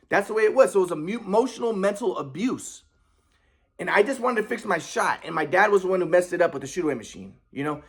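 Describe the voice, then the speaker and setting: A man's voice: high voice, quick pace, fairly bright tone, slightly rough. A young man telling a personal story in a rambling, aggrieved way, with many restarts and repetitions. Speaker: vlogger.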